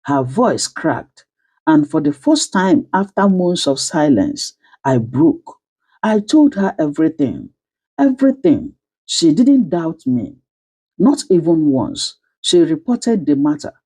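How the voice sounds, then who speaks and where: A woman narrating a dramatic first-person story with slow, emotional delivery. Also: low-pitched, big pitch swings, warm tone, husky.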